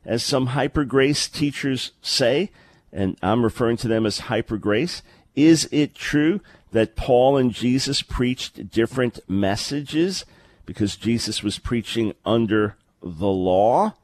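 A man's voice: mid-range voice, lively intonation, takes it slowly, darkish tone, dry recording. A man hosting a live call-in radio talk show, speaking earnestly and conversationally, often repeating a word as he starts a sentence. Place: remote location, early morning.

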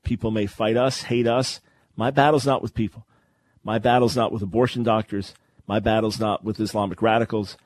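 A man's voice: lowish voice, little pitch movement, moderate pace, darkish tone, dry recording. A man hosting a radio show and teaching from the Bible in an emphatic, preacherly way, repeating his key phrases.

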